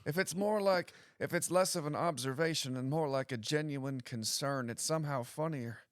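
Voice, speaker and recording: A man talking in a relaxed, rambling way, full of self-deprecating, deadpan asides and leaning heavily on "like" as a filler. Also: on the high side, moderate pace, clear, resonant tone, no echo, clean studio sound. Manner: heavy use of "like" fillers. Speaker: stand-up comedian guest. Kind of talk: casual podcast chat.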